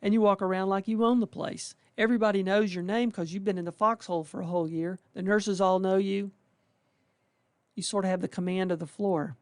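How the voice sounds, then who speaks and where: With no room sound behind it, a mid-range voice with fairly even intonation moves a little fast. It belongs to a residency faculty member greeting incoming interns in a folksy, casual way, tossing in colloquial exclamations and occasionally voicing what residents are thinking.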